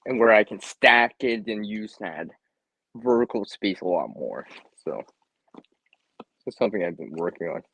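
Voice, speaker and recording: A man's voice: lowish voice, animated, normal speed, gravelly, pauses often, a bit bright, husky, no echo, low-quality recording. A man hosting a casual live stream from home, chatty, laughing often and repeating words. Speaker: livestream host.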